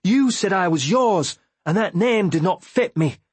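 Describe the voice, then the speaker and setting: A man's voice: high voice, animated, a little slow, breathy edge, no echo, voice pushed up, full character voice. A man doing a bellowing, pleading sailor.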